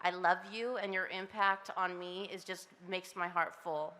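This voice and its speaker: A woman's voice: fairly low pitch, steady tone, a little slow, sharp tone, in a large hall, slight background noise. A middle-aged woman from Southern California giving a heartfelt acceptance speech, chatty and laughing often as she tells stories with quoted voices. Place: outdoor ceremony.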